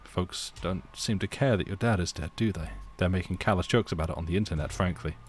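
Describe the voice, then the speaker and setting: A man's voice: sits low, brisk, slight background noise, pitched below the performer's own voice, close to an everyday voice. Bo, a man reading a grieving young son. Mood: somber. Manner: read in his own plain voice, no accent. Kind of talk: reading game dialogue aloud.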